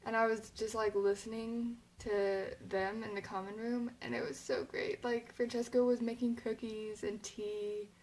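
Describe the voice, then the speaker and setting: A woman's voice: on the high side, flat delivery, a little slow, few pauses, darkish tone, low-quality recording. A young woman talking casually to her camera, rambling, with lots of "like" and fillers, and sounding a little emotional. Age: young adult. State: emotional, near tears. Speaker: vlogger.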